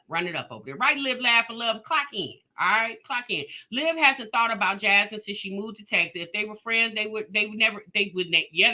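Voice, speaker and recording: Animated sassy woman live-streaming. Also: on the high side. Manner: animated, sassy, talks straight to her chat. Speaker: live-stream commentary host. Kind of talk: casual reaction live stream.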